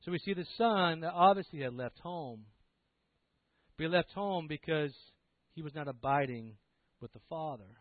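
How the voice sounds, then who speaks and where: A man's voice: on the high side, expressive, normal speed, no room sound. A man preaching a sermon emphatically, full of rhetorical questions. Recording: tinny, dry, phone-like sound.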